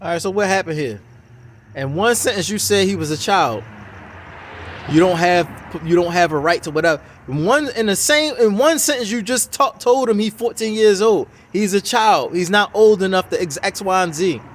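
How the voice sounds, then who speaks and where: A man's voice: high voice, normal speed, a little hiss or hum. A man giving a heated, swearing, mocking reaction commentary on a video. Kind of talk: profane ranting reaction commentary.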